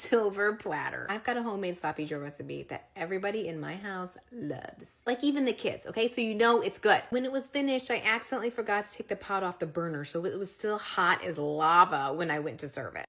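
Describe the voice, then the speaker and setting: A congested woman, sick with the flu, telling a comic story to camera in a wry, exasperated way. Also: medium pitch. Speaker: comedy storyteller.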